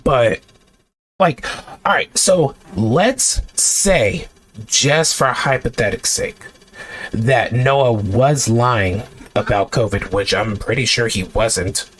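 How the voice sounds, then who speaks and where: A man's voice: medium pitch, expressive, slow pace, a bit bright, husky. A man delivering a heated sports rant to camera, exasperated and sarcastic, with blunt outbursts. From United States. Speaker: sports vlogger.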